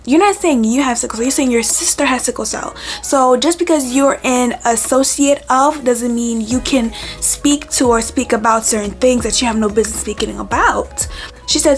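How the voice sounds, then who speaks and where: A woman talking on her vlog, telling a story with lively quoted back-and-forth. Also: fairly high pitch, moderate pace, soft background music. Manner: animated, retells arguments with quoted back-and-forth. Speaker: vlogger.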